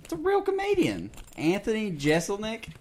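A man's voice: high voice, huge pitch swings, moderate pace, noisy background. A man hosting a casual podcast chat, joking, teasing and laughing often. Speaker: podcast host.

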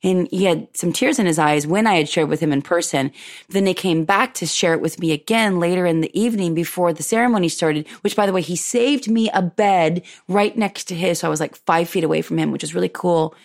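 A woman hosting a show, chatting warmly through a personal story, laughing often and acting out what people said. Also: lowish voice, fairly quick. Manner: effusive and chatty, laughs often, retells dialogue. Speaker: podcast host.

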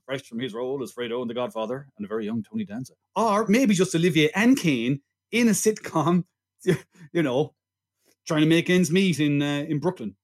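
A man co-hosting a film podcast in casual chat, rambling and jokey. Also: fairly high pitch. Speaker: podcast co-host.

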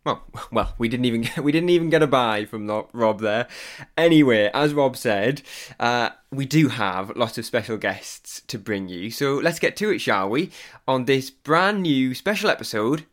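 A man's voice: medium pitch, expressive, normal speed. Chatty man hosting a podcast. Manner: chatty, laughs between lines. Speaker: podcast host. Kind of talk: casual podcast chat.

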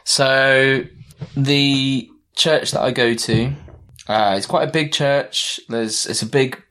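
A man's voice: mid-range voice, steady tone, slow pace, bright, forceful tone. A young man chatting casually, telling a long story with many fillers and restarts. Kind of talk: casual chat.

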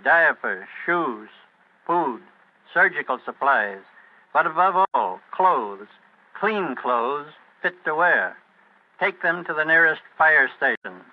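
A man making an earnest, solemn charity appeal over 1940s radio, with an urgent tone. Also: a little high. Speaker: guest giving a charity appeal. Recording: dull lo-fi 1940s radio recording.

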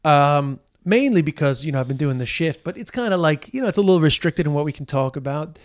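Podcast host, man, slightly higher voice, loose chatty delivery. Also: animated, quick pace. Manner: loose and rambling, lots of fillers. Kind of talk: casual podcast chat.

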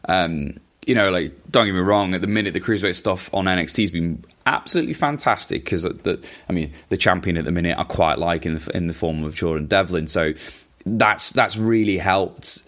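A man with a notably deep, low-pitched voice talks through listener questions. He rambles casually, restarts sentences and breaks off into chuckling asides. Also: fairly quick, a bit bright. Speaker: podcast host answering listener questions. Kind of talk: casual chat.

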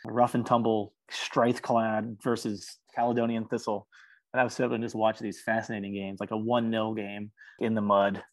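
A man with a lowish voice chats as a musician guest on a podcast. He talks earnestly and easily, breaking into laughter now and then. The recording is dry and close, with no room sound. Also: little pitch movement, moderate pace, no room sound. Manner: earnest, chatty, laughs often. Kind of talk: casual interview chat.

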